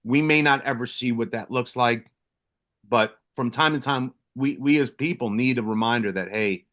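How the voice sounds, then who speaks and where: A man's voice: medium pitch, normal speed, fairly bright tone. A middle-aged man with an ordinary mid-range voice tells stories bluntly and casually. He swears freely and restarts his sentences often, rambling as he talks. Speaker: podcast co-host, retired first responder. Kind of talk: casual storytelling.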